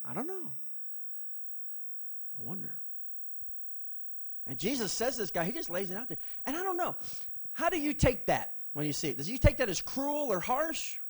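A man preaching a sermon to his congregation, swinging from loud, passionate rises to quiet asides and putting questions straight to the room. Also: very high voice, normal speed, pauses often. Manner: animated preaching with sudden loud rises and soft drops; asks the congregation questions directly. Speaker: pastor.

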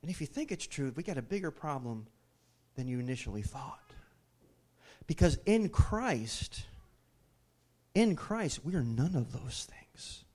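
High-voiced man preaching emphatically. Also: very animated, unhurried, pauses often, a little mellow. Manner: emphatic, repeats phrases, asks the congregation questions. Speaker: pastor. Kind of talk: sermon.

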